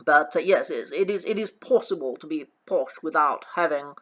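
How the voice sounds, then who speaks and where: A man coaching, speaking in a measured, hesitant way with many ums, on an uneven recording. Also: fairly high pitch, a bit bright. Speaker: accent coach. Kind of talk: relaxed talking-head commentary. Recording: uneven, poor sound quality in parts.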